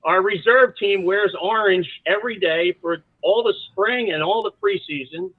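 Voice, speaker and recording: Animated man telling stories over a tinny line. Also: high-pitched, normal speed, a little hiss or hum. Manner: animated, rambling storyteller with many asides. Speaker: college soccer coach, guest. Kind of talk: storytelling in a podcast interview.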